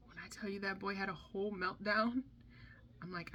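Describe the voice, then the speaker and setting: A woman's voice: medium pitch, normal speed, slight background noise. A young woman telling a candid storytime about her son's hospital stay, talking chattily and acting out the people she quotes. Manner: chatty, animated, acts out quotes.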